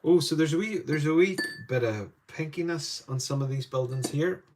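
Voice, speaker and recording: Painting live in an indoor art studio, an Irish man teaches watercolour and chats with viewers, drifting into rambling asides. His voice sits a little high at a normal speed, with background noise audible.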